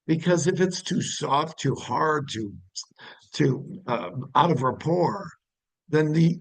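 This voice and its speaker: Guy teaching sales, gravelly kinda husky voice, punchy and keeps asking if it makes sense. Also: on the high side, rough recording. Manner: emphatic, varies tone, asks "make sense?". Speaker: sales trainer. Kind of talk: sales training lesson.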